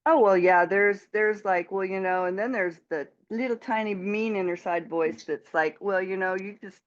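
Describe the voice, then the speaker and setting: A woman talking with a coach in a chatty, animated way, laughing easily, heard over a video call. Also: medium pitch, moderate pace, dull audio. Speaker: coaching client. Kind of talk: casual conversation.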